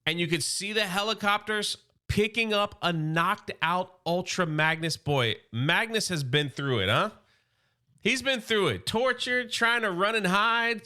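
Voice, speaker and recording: Bright-voiced man recapping comics. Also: sits high, clear, resonant tone. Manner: enthusiastic, acts out quotes loosely. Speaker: comic book recap creator.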